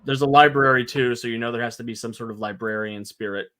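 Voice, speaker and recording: A man's voice: mid-range voice, fairly even intonation, fast, sharp tone, slight background noise. A man in his ordinary speaking voice tosses out game ideas with open enthusiasm, one after another. The tone is casual and conversational, a panelist on a live design stream. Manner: enthusiastic, idea-driven.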